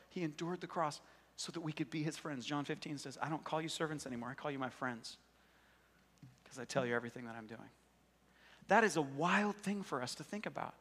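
A young adult man preaching a casual, animated sermon, talking conversationally and acting out little voices. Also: fairly high pitch. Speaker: pastor. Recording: long reverb of a large hall.

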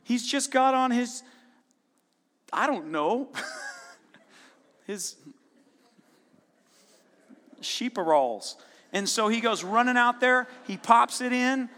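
A man preaching a sermon, retelling a story in a casual, lively way and voicing its characters with sudden bursts of intensity. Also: very high-pitched. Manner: storytelling with casual asides and quick dramatic voicing. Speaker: pastor. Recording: long reverb of a large hall.

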